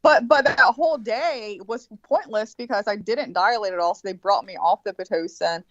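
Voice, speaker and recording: A woman's voice: medium pitch, moderate pace, fairly bright tone, dry recording, lo-fi sound. A woman in casual chat, telling a vivid, profane story and acting out the quotes of the people in it. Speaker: birthday guest.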